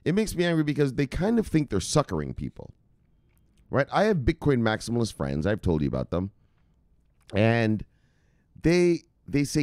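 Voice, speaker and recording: A man's voice: mid-range voice, huge pitch swings, normal speed, long pauses, darkish tone, no room sound, studio quality. A man from Jamaica hosting a crypto news channel, ranting casually and profanely with heated sarcasm. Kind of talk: casual opinion rant to camera.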